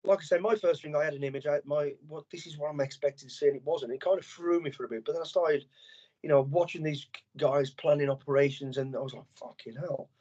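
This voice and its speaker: A man's voice: a little high, fast talker, highs cut off. A middle-aged man, a former soldier telling stories as a podcast guest, blunt and full of swearing. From England. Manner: blunt, heavy swearing, animated storytelling. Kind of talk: casual interview chat.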